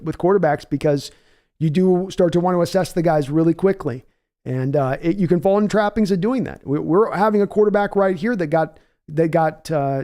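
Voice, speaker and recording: A man with a slightly high yet warm, mellow voice hosts a live football stream. He talks in a casual, chatty way, answers viewers by name, and thinks his analysis through out loud. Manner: measured, thinking-aloud analysis with restarts. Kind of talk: casual live-stream football talk, reading chat aloud.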